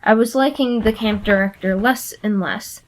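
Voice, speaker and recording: A woman narrating a novel aloud in an expressive first-person storytelling manner. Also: medium pitch, moderate pace, a little hiss or hum, low-quality recording.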